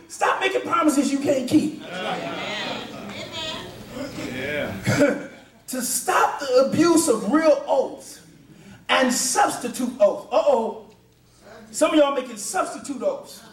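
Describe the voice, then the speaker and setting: A man preaching a sermon in a church, emphatic and often shouting, with a chanting "uh" between phrases. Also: very high-pitched. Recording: echoey church, mic far off.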